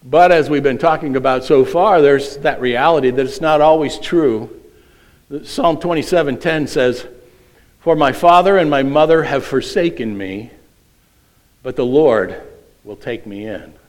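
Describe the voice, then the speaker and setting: A man's voice: mid-range voice, measured pace, rough recording. A middle-aged man preaching a sermon, reading a children's quiz aloud with playful voices. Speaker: pastor.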